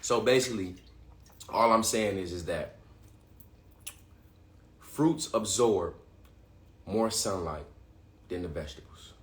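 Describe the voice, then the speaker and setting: A man hosting a livestream, talking excitedly in casual slang, often restarting and repeating himself. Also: low-pitched, slow, long pauses, roomy sound. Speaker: livestream host. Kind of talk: live-streamed talk to viewers.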